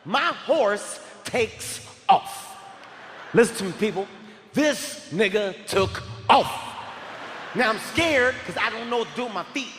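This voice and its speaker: A man in his forties doing stand-up comedy, telling a story in an animated, often shouting, profane way on stage at a large live venue. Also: high voice, unhurried, a little hiss or hum. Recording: echoey hall with crowd ambience.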